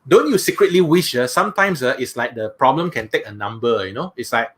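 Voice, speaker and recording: A man's voice: medium pitch, lively intonation, brisk, fairly bright tone. A man with a Malaysian English accent giving a conversational seminar talk as a motivational speaker, often asking the audience questions.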